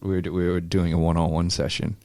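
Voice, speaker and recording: Guest voice: low gravelly man, rambling, swears freely, close and dry. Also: flat delivery, fairly quick, warm tone, no echo. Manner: laid-back, rambling, swears often, many ums. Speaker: amateur boxer, interview guest. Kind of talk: casual chat.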